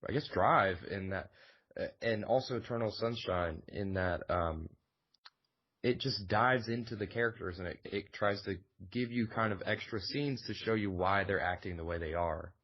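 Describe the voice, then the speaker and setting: A man co-hosting a podcast, talking in a relaxed, rambling way with many fillers and casual swearing. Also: fairly low pitch, moderate pace. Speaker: podcast co-host. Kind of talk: casual chat. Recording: dull lo-fi recording.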